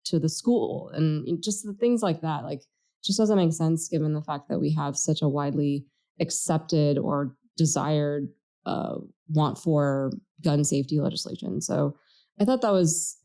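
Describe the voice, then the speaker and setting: Woman co-host, low mellow voice, earnest and reflective in casual chat. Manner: earnest, reflective, thinks aloud. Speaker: podcast co-host.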